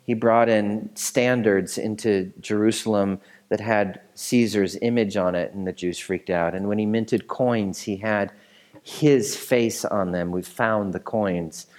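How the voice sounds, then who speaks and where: A man's voice: lowish voice, fairly even intonation, measured pace, darkish tone. A man preaching a sermon as a pastor, teaching in a casual, conversational way with asides and questions to the congregation.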